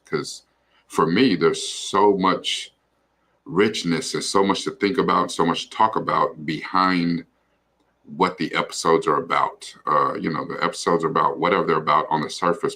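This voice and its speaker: A man with a bass voice, bright and forceful, with vocal fry, co-hosts a livestream. He chats casually and rambles loosely, dropping plenty of fillers and the occasional swear word.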